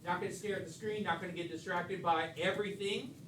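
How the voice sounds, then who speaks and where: Male teacher, high voice, playful teasing classroom banter, distant mic, faint hum behind. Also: steady tone, fast talker, fairly bright tone, roomy sound. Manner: teasing, joking banter with students. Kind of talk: classroom lecture.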